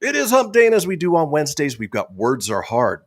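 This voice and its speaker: A male radio host reads quirky news stories and slips jokes in between them. His pitch swings widely as he talks. The sound is dry and close to the mic. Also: huge pitch swings, brisk, no echo. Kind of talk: reading news stories on a comedy talk show.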